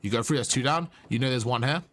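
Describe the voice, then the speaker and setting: A man's voice: mid-range voice, fast, background noise. A man coaching a player over their gameplay footage, explaining positions and repeating his key points. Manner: instructive, repeats key points, asks "you see?".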